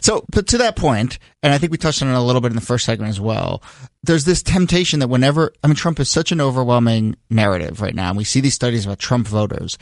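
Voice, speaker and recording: A man's voice: mid-range voice, lively intonation, fast, dry recording, clean studio sound. A man hosting a podcast, steering the discussion with questions and reading the sign-off. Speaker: podcast host. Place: studio. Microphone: studio mic.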